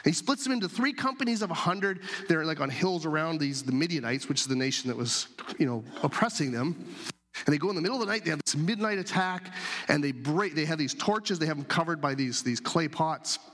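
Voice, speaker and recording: A man's voice: fairly high pitch, lively intonation, fairly quick, fairly bright tone. A man preaching a sermon in a conversational, storytelling way, acting out the voices of the people in his story. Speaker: pastor. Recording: long hall reverb.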